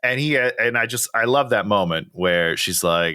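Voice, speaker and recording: Animated man reviewing a movie. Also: on the low side, clean tone. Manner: animated, laughs often, acts out scenes in quick quoted voices. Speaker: podcast co-host. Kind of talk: casual movie review chat.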